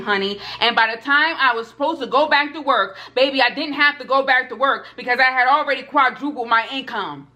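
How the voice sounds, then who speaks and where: A woman's voice: fairly high pitch, sharp tone. A woman in her twenties tells her personal testimony straight to her viewers, fervent and emphatic, and repeats her points. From United States. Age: 20s. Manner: addresses viewers directly. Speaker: food vlogger.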